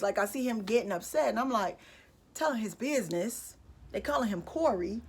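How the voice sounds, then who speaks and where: A woman's voice: on the high side, normal speed. Candid young woman telling a story. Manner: candid, conversational, lots of fillers and asides. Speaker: vlogger. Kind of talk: casual storytime chat.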